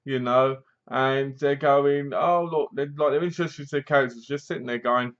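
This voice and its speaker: A man's voice: mid-range voice, fairly even intonation, moderate pace, fairly bright tone, highs cut off. Man giving a rambling, mocking movie review. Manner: rambling, acts out bits of scenes in funny voices; dry, mocking. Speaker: film reviewer. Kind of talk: casual spoken movie review.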